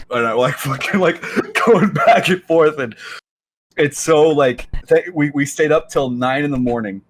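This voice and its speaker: A man's voice: a little high, a little slow. A young man in casual podcast chat, rambling and hesitant with many restarts. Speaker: podcast co-host.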